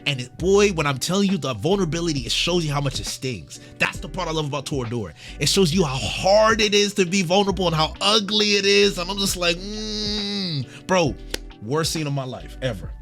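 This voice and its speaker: A man's voice: high-pitched, a little fast, vocal fry, hardly any pauses, faint music behind. Emphatic man hosting a podcast. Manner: animated, emphatic, swings between hushed and shouting. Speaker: podcast host. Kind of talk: casual podcast chat.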